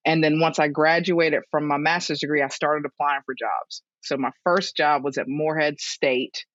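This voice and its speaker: A woman in her thirties, a strength and conditioning coach appearing as a guest, tells stories in a casual interview with a low-pitched voice at a moderate pace. She's lively, laughs often, and acts out other people's words in a raised voice. The lo-fi audio is dull and dry, with no room sound.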